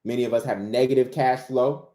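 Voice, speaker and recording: A man's voice: medium pitch, fairly even intonation, fairly quick, mellow. A man giving a motivational spiritual talk in a preacher-like way, repeating key phrases for emphasis. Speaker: author and motivational speaker. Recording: roomy echo.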